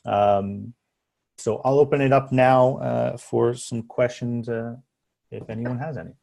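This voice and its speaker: A man's voice: mid-range voice, steady tone, measured pace, vocal fry, darkish tone. Man explaining immigration law on a webinar. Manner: explanatory, many fillers and restarts. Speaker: immigration attorney presenter. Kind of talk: webinar presentation. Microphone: video call.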